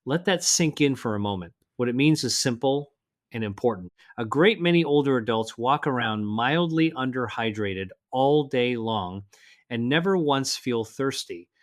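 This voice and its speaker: A measured older man with a voice of middling pitch, narrating health advice in a calm, scripted way. He speaks earnestly and slows down to lean on key words, as if talking to listeners his own age. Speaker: health presenter.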